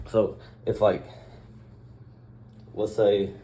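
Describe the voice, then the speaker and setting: A young man in a casual vlog monologue, talking in a rambling, offhand, deadpan way and acting out short bits of dialogue. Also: fairly low pitch, extremely slow, a little hiss or hum. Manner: acts out short dialogue exchanges. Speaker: vlogger.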